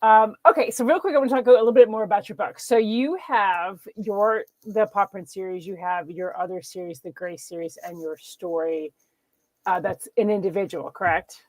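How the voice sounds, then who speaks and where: A woman's voice: medium pitch, moderate pace, no echo. A woman hosting an interview show, chatting casually with her guest, agreeing readily and laughing often. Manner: warmly agreeing, frequent laughs and fillers. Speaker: podcast host.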